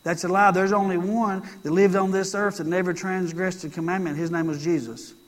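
Male pastor, high voice, conversational sermon with heavy repetition. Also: level tone, a little fast. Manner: conversational preaching with emphatic repetition.

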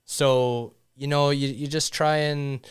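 Man, earnest, reflective, smooth clear voice, halting delivery. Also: medium pitch, steady tone. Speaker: podcast co-host. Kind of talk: casual chat.

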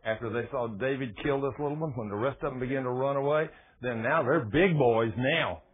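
A man preaching a sermon in a folksy, animated storytelling manner. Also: medium pitch, fairly quick, few pauses. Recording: tinny phone-like radio broadcast.

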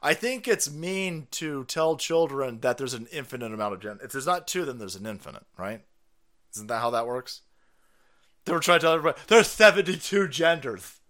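A middle-aged man hosting a livestream, ranting loudly in a profane, sarcastic way and laughing often. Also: mid-range voice. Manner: loud, laughing, foul-mouthed, sarcastic. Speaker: livestream host. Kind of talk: profane political rant.

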